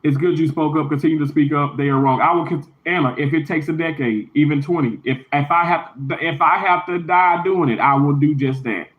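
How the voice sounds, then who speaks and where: Indignant high-voiced man ranting live. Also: fairly quick, few pauses, reverberant, phone-quality sound. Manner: emphatic, repetitive, indignant. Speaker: livestreamer, hospital worker. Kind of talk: casual live stream rant.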